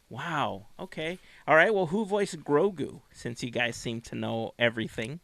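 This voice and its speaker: A man's voice: fairly high pitch, lively intonation, normal speed, gravelly, hardly any pauses, fairly bright tone, no room sound. A man co-hosting a casual fan podcast, chatting in an easygoing, self-deprecating way. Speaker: podcast co-host. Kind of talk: casual chat.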